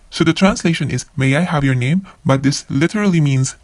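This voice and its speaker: A man's voice: a little high, quick pace, hardly any pauses, darkish tone, no room sound. A man from the Philippines, a language learner, teaching vocabulary by saying each word twice and then explaining it. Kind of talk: vocabulary lesson.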